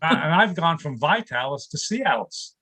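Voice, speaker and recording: A man's voice: on the high side, expressive, moderate pace, bright, forceful tone. A man in his sixties from New York City doing a stand-up comedy set over a video call from his home studio, chuckling at his own punchlines. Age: 60s.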